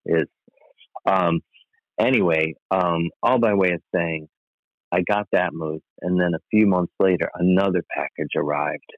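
A man's voice: low voice, measured pace, no echo. A man telling a rambling, self-mocking story in a casual, dry comic way. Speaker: podcast guest storyteller. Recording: tinny phone-like line, dry.

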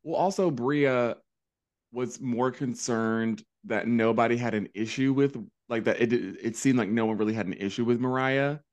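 A man's voice: medium pitch, moderate pace, darkish tone. Opinionated man, casual sarcastic chat. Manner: opinionated, sarcastic, swears freely. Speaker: podcast guest.

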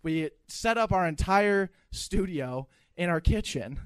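A high-voiced man tells an excitable story at a live podcast show, laughing often and swearing casually. The sound is close and dry, with no roominess. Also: slow pace, smooth, no room sound. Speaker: podcast co-host.

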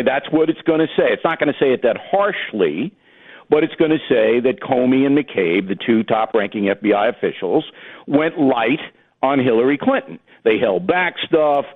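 A man calling in as a radio guest, blunt and dismissive, talking in quick bursts. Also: mid-range voice. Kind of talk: casual radio talk. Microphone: telephone. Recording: phone line.

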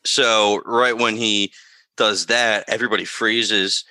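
A man's voice: lowish voice, takes it slowly, no room sound, rough recording. A man co-hosting a podcast, retelling a scene casually and acting out quoted lines. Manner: animated retelling with acted-out quotes. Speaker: podcast co-host. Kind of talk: casual chat.

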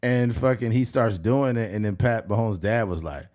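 A man's voice: on the low side, normal speed, a little mellow. A man hosting a podcast, chatting casually in a profane, storytelling way. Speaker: podcast host. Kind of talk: casual chat.

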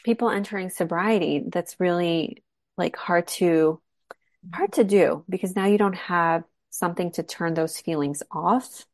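A woman's voice: fairly low pitch, measured pace, no room sound, clean studio sound. A woman co-hosting a podcast, speaking in an encouraging, motivational way with rhetorical questions. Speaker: podcast co-host. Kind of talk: casual conversational podcast.

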